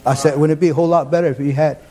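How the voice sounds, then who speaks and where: A man preaching a fervent sermon, repeating his phrases and climbing toward near-shouts. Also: on the high side, steady tone, very fast.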